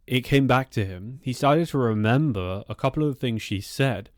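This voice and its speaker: A man's voice: mid-range voice, moderate pace, few pauses, no echo, studio quality. A man narrating an eerie true-life story in a loose, conversational way, with asides and fillers.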